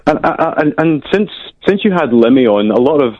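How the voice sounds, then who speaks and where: A male caller trades dry, deadpan quips with the host. His mid-pitched voice comes through a dull, muffled phone-in line with no room sound. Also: normal speed, no room sound. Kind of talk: casual radio chat.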